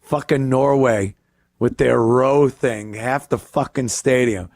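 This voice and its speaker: Slow, crude-talking male podcast host. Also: medium pitch, a little mellow, dry recording, studio quality. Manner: crude, profane and rambling. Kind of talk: casual comedy podcast rant.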